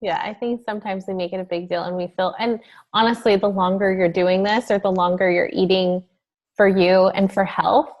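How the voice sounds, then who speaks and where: Woman hosting a group video call, mid-pitched, rambly and animated, lots of "like" and "you know". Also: moderate pace, muffled recording. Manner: chatty, animated storytelling with many fillers. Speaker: host of a wellness group call.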